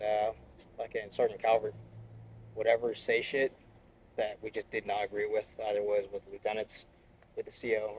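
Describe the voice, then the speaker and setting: A man's voice: medium pitch, darkish tone, a little hiss or hum, rough recording. A young man, a Marine reservist, talking bluntly and profanely in a casual interview.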